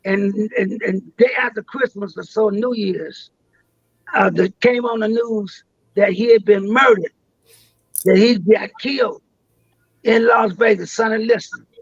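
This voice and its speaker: High-voiced older man telling old stories. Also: a little slow, slightly rough, no echo, lo-fi sound. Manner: rambling, repeats and restarts words. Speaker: interview guest. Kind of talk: storytelling in a live interview.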